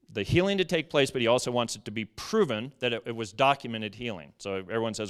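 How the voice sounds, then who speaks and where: A man preaching a sermon to a church congregation, reading scripture aloud and explaining it in an animated way. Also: mid-range voice, quick pace, few pauses, clear, resonant tone.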